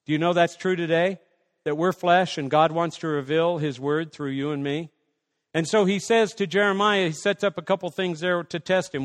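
Man, high voice, passionate sermon, acts out prayers, reverberant hall. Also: normal speed. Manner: passionate preaching with acted-out prayers and dialogue. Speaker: pastor.

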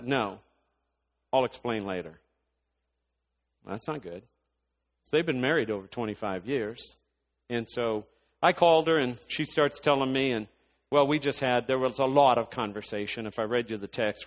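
A man preaching a sermon in an animated storytelling style, building to impassioned rants, with long hall reverb. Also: mid-range voice.

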